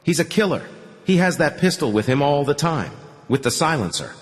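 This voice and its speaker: A man's voice: on the high side, very animated, a little fast, long reverb tail. A male audiobook narrator voicing a weary young woman who talks in blunt, bitter, short sentences. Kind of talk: audiobook dialogue reading.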